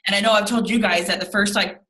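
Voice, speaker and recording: A young woman co-hosting a sales team call in casual motivational chat, animated, acting out little scenes and swearing lightly. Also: medium pitch, quick pace, reverberant, poor audio.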